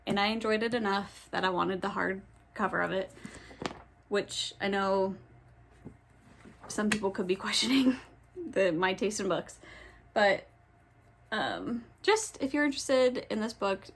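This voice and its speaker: Chatty young woman vlogging about books. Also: medium pitch. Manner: chatty, rambling, with many ums and self-corrections. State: has the hiccups. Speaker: book vlogger. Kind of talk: casual chat. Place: home, in her pajamas.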